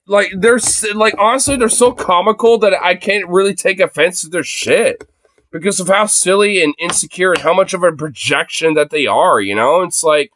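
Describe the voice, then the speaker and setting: Bright, lively man streamer swearing. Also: high voice, normal speed, no echo. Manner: profane, laughs often, mocking. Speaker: livestream host reacting to videos. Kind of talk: casual livestream commentary.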